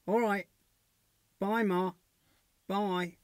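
A middle-aged man playing a worried son who is blunt and quickly exasperated. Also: sits high, steady tone. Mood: concerned. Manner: blunt and exasperated, with a rising temper. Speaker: actor in a student short film. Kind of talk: low-budget film acting.

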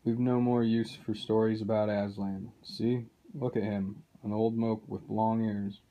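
A man reading aloud, voicing a surly, sneering male dwarf who distrusts everyone, drawling slowly. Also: on the low side, little pitch movement, lo-fi sound.

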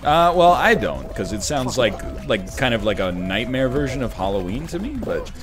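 A man's voice: mid-range voice, big pitch swings, normal speed, music in the background. A young man chatting casually with friends on a stream, joking and swearing freely. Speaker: regular streamer in a group chat. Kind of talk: casual chat.

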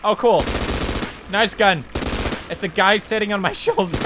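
A man giving excitable let's play commentary over a video game, laughing a lot and breaking into shouts. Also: high-pitched, a little slow, heavy background noise. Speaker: gaming commentator.

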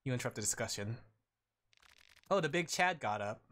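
A man's voice: medium pitch, animated, fairly quick, fairly bright tone. A man streaming a game, chatting casually with his viewers and laughing often as he plays. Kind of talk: casual gaming commentary.

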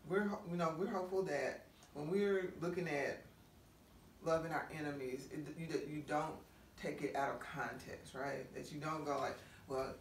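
A woman pastor giving a conversational sermon, full of rhetorical questions and quick asides. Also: deep voice. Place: church meeting room. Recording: roomy echo from a distant mic, faint noise.

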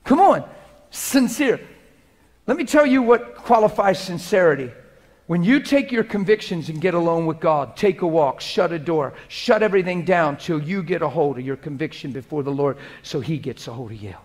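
High-voiced man preaching a passionate sermon. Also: lively intonation, a little fast. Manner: swings between loud urgent preaching and hushed intimate prayer.

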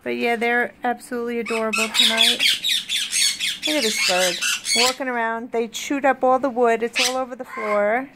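A woman's voice: fairly high pitch, steady tone, normal speed. A woman talking casually to viewers in a vlog while chatting in baby talk to her pet birds. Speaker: pet bird owner and vlogger. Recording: loud bird squawks and noise behind.

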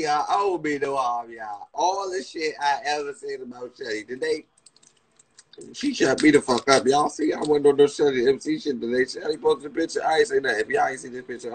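Talking fairly quickly with a breathy edge, a young guy with a DC-area accent rambles at his livestream audience from his phone. He swears freely, gets worked up, and yelps out quotes in a high voice.

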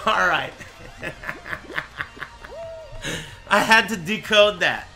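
Male streamer, 20s, profane mock-angry chat banter, lively pitch, clear game music behind. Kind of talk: live gaming stream chat.

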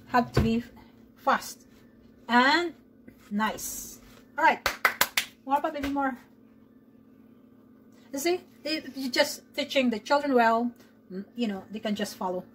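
A woman's voice: sits high, slight background noise, rough recording. A woman talking her daughter through baking pies in a home kitchen, chatty and coaxing. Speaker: home cook and mother. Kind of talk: casual cooking vlog.

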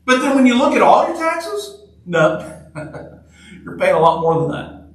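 High-voiced preacher, echoey church. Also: male voice, sing-song, a little slow. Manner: conversational, joking, repeats phrases. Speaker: pastor. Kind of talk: sermon. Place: church sanctuary. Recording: echoey church hall from far off.

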